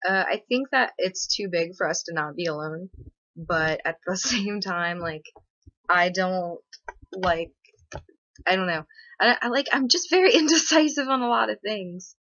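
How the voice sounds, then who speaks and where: Young woman streamer, lowish pitch, sarcastic rambling chat, muffled dry webcam audio. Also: a little slow, bright, forceful tone, no echo. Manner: rambling, filler-heavy, sarcastic. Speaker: livestream host. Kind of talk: casual livestream chat.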